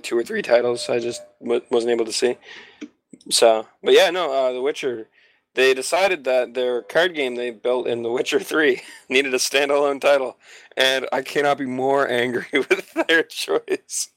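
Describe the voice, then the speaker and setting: A man's voice: medium pitch, no echo. Blunt man on a dry-sounding mic. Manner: blunt, swears casually. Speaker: podcast co-host. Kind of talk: casual chat.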